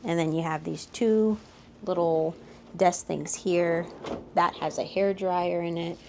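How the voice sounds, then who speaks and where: A woman's voice: on the low side, steady tone, slow pace, warm tone, a little hiss or hum. Chatty woman touring a cruise cabin. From United States. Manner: chatty, pointing things out, laughs lightly. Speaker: vlogger giving a room tour. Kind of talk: casual walkthrough narration. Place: cruise ship cabin, indoors.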